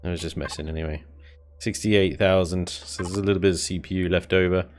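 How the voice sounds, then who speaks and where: A man's voice: sits low, steady tone, fairly quick. A man chatting casually while live-streaming a building game, thinking aloud and chuckling often.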